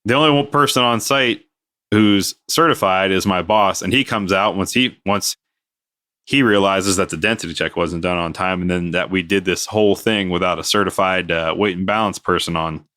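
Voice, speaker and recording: A man's voice: low-pitched, moderate pace, bright, forceful tone. A man telling a work story in casual podcast chat, acting out the people he quotes with big jumps in his voice. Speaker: podcast co-host, aviation maintenance worker.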